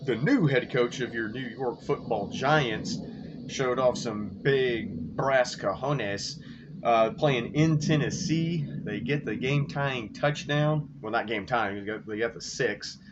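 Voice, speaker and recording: A man hosting a sports podcast, rambling through game results and his bets in a casual, profane, excitable way. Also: medium pitch, takes it slowly. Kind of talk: casual sports recap and betting talk. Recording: dull lo-fi recording with faint noise.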